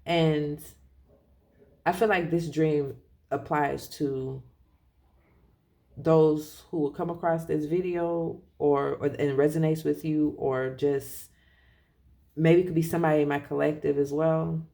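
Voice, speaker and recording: A tarot reader talking casually and rambling, correcting themself often and laughing softly as they share a reading. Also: medium pitch, fairly even intonation, a little slow, gravelly, long pauses.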